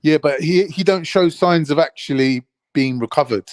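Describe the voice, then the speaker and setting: A man's voice: a little high, moderate pace, dry recording, rough recording. A man giving blunt, dismissive opinions in a casual debate. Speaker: podcast co-host reacting.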